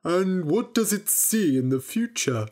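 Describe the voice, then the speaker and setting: A woman's voice: lowish voice, animated, measured pace, dark tone. A woman doing a trusting, hearty farmer. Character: gullible, friendly middle-aged farmer.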